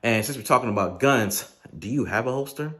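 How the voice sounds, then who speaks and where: Animated man hosting a gun channel. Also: medium pitch, a little fast. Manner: animated, talks straight to the viewer. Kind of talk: casual reaction commentary.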